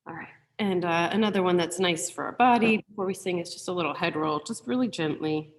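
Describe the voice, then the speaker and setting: A woman teaching a singing class over a video call, giving gentle, encouraging warm-up instructions from her piano. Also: lowish voice, fairly quick, big-room sound, a little hiss or hum. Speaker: choir teacher. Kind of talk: online group singing lesson. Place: room with a piano.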